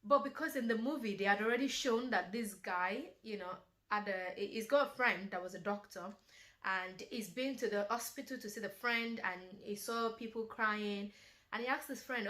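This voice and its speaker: A young woman tells a film's story in a casual vlog. Her voice is bright and forward, and she keeps slipping into the characters' quoted lines. Her talk is full of "you know" as she goes. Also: mid-range voice, moderate pace. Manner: animated retelling with acted-out quotes, many "you know" fillers. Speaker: beauty and lifestyle vlogger.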